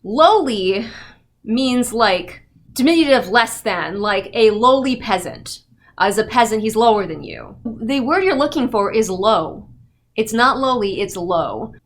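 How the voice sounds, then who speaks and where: A woman's voice: a little high, expressive, a little slow. A woman giving a casual, sarcastic and exasperated book review rant.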